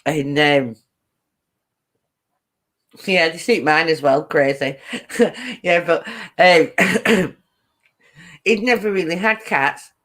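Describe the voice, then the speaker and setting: A woman's voice: low voice, takes it slowly, pauses often, a bit bright. A woman hosting a casual live-stream chat, giggling often and greeting viewers as she reads their comments.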